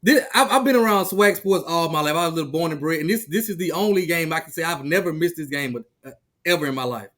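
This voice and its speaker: A man in his thirties talks sports in a rapid, tumbling rush, his voice sitting a little high. He restarts and repeats words as his excitement gets ahead of him. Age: 30s. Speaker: guest, rival team insider. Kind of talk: casual sports talk.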